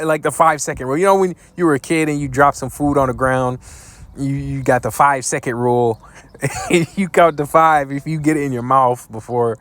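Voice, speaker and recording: A man preaching scripture commentary while reacting to a video, profane and scornful, reading verses slowly. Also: mid-range voice, fairly bright tone. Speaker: online preacher.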